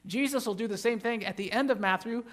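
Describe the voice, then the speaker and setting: A man as pastor preaching a sermon in a church, emphatic, building to loud animated bursts and joking with the congregation. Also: very high-pitched, fast.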